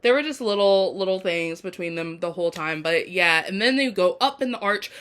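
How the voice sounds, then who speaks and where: A woman's voice: on the low side, animated, fairly quick, a bit bright. A woman giving a casual video review of a TV episode, chatty and effusive with lots of fillers. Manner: chatty, effusive, frequent fillers like "um" and "you know". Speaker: TV show reviewer.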